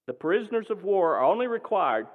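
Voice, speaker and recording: A defiant army sergeant , voiced by a man, speaks calmly and sternly, taking his time over each word. The sound is tinny, with a long echo. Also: high voice, voice pushed up. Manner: calm, stern, deliberate. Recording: tinny, echoing hall.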